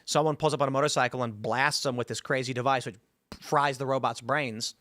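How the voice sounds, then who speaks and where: A man hosting a casual panel talk show, telling stories with quoted voices. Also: medium pitch. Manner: fast, animated storytelling with quoted voices. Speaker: host.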